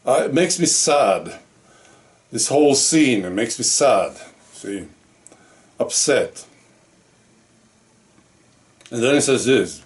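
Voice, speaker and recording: A man giving casual video commentary, musing and drifting along with pauses and fillers. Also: mid-range voice, animated, distant mic.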